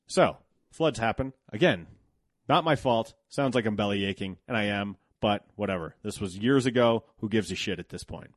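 A man's voice: on the low side, normal speed, no room sound, clean studio sound. A man in his thirties telling a candid personal story about work, blunt and profane, growing heated when indignant.

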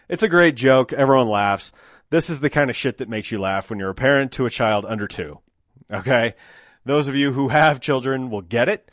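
A man's voice: mid-range voice, animated, moderate pace, dry recording, clean studio sound. A man talking in a casual solo monologue as a podcast host, chatty and joking with casual swearing.

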